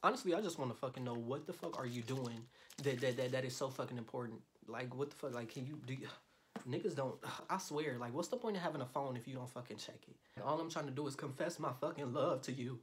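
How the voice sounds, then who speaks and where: A young man, a YouTuber, talking casually and joking loudly with lots of swearing, then going soft and mock-romantic as he reads out texts. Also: medium pitch, fast talker, a little hiss or hum. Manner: loud, profane and joking, swings to soft mock-romantic reading. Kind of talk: casual vlog talk.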